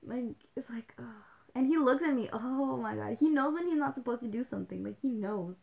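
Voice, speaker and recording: A young woman hosting a livestream in loose, chatty talk, her voice fairly high and full of gravelly vocal fry. She rambles along with plenty of "like"s and drops in a Spanish phrase here and there. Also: expressive, brisk, a little mellow. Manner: chatty, rambling, with many "like"s and little laughs. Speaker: livestream host. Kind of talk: casual chat.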